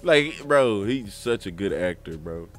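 A man's voice: lowish voice, unhurried, soft background music. A man hosting a podcast in casual, profane chat, acting out quotes with gusto. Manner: animated, profane, quotes clips with relish. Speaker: podcast host.

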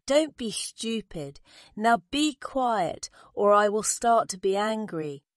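A woman voicing a big, selfish, cruel male elephant who talks loud and dismissive. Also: medium pitch, animated, slow pace, dry recording, studio quality. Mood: scornful.

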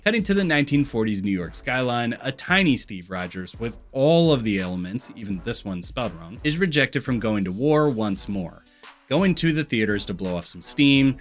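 Brief: man, Missouri accent, scripted movie commentary, wry and sarcastic, soft music bed. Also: medium pitch. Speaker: YouTube film commentator. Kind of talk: scripted video-essay commentary.

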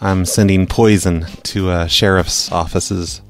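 A man's voice: deep voice, steady tone, measured pace, soft background music. A man hosting a prank call podcast, talking casually with dry, sarcastic teasing.

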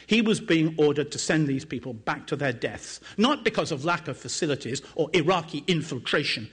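Husky-voiced man reading his book aloud. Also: a bit bright. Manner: measured dramatic reading, lifting pitch for quoted speech. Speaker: author and journalist.

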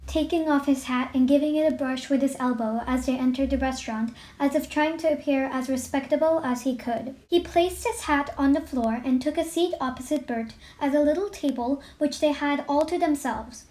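Woman reader for a storybook channel, high and mellow, careful and plain. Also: normal speed, hardly any pauses. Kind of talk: reading a story aloud to camera.

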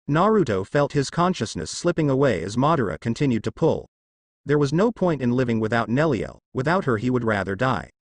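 A man narrating a scripted story in a dramatic, expressive way. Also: medium pitch, no room sound.

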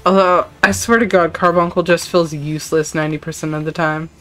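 A woman's voice: deep voice, fairly even intonation, brisk, fairly bright tone, faint music behind. A woman VTuber chatting casually while playing a game, laughing often and commenting as she goes. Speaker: VTuber streamer. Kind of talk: casual gameplay stream chat.

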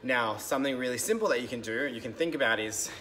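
A man's voice: mid-range voice, fast talker, bright, forceful tone, slight background noise. Casual man explaining fitness with many ums. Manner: loose and conversational, many ums and restarts. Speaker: fitness coach. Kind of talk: casual explanatory talk to camera.

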